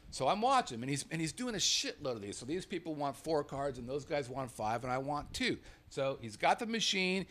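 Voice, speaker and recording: A man telling a travel story in a casual, animated way, swearing freely and acting out the dialogue himself. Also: medium pitch. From Las Vegas, USA.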